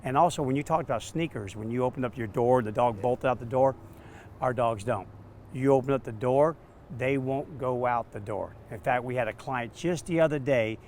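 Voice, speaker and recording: A man, a dog trainer, telling stories in an interview, animated and acting out quotes. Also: mid-range voice, slight background noise. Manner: animated, acts out quotes with laughs. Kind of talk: storytelling interview answers.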